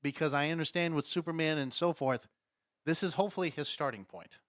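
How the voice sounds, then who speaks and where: A man co-hosting a casual podcast, loud and excitable, swearing often. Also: on the high side, brisk, dry recording, clean studio sound. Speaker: podcast co-host.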